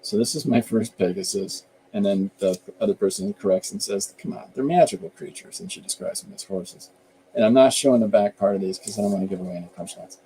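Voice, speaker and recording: A man's voice: fairly low pitch, fairly even intonation, quick pace, dark tone, a little hiss or hum, poor audio. A man in his fifties, an artist hosting his show, chatting casually and rambling about his work as he draws. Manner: rambling and easygoing, explaining his work as he goes. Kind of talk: casual chat while drawing live.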